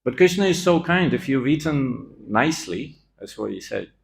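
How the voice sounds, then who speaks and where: A man's voice: mid-range voice, lively intonation, normal speed, gravelly, slight background noise. A man giving a scripture class in a temple, telling the story with animation and acting out the quoted lines.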